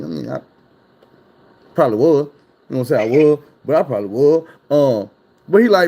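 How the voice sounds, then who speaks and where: A man's voice: on the high side, lively intonation, quick pace, a little mellow. A man telling a wild personal story in casual, profane chat, his voice jumping up when he gets worked up.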